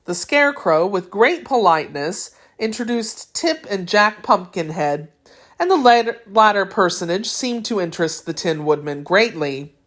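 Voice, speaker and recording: A woman's voice: mid-range voice, lively intonation, normal speed, fairly bright tone. Woman narrating a storybook. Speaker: audiobook narrator.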